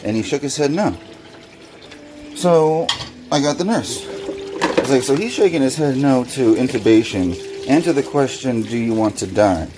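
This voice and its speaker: A man vlogging while he washes dishes at a kitchen sink, telling an upsetting story in an agitated way and getting louder when he recounts arguments. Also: mid-range voice, expressive, moderate pace. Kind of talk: casual vlog monologue. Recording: noisy room with running water. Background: running water and dish washing.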